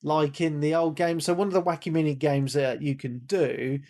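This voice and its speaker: A man chatting casually on a gaming podcast, his voice sitting a little high. He rambles, repeats himself and restarts sentences, and he is hoarse from losing his voice. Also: fairly even intonation, moderate pace, darkish tone. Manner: rambling, repeats words, calls himself a big nerd. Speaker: podcast co-host. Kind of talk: casual chat.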